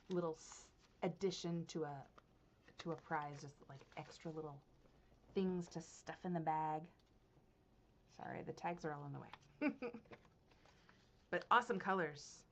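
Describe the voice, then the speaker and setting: A woman hosting a knitting podcast, chatting casually to her viewers, excitable and gushing, laughing often and swinging between hushed and loud. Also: on the low side, muffled recording, a little hiss or hum. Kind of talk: casual unboxing chat to viewers.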